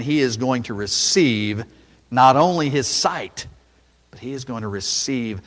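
A man preaching a sermon, dramatic, rising to loud cries when he acts out a scene. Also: medium pitch, big-room sound.

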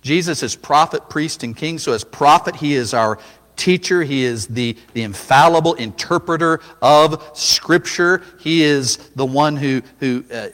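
A man preaching a sermon, dramatic, rising to loud cries when he acts out a scene. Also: fairly high pitch, unhurried, in a large hall.

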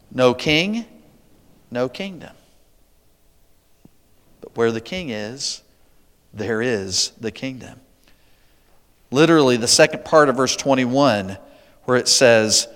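A man preaching a sermon, verse by verse, with emphatic rises and quiet asides. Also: medium pitch, long reverb tail. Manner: emphatic, swings from loud declarations to quiet asides. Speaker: pastor.

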